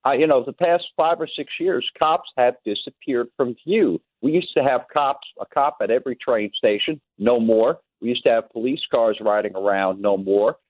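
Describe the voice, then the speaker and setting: A man's voice: mid-range voice, normal speed, hardly any pauses, dry recording. A man calling in to a radio show, talking in a rambling way and repeating his words. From New York. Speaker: caller. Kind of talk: phone-in call. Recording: tinny phone line.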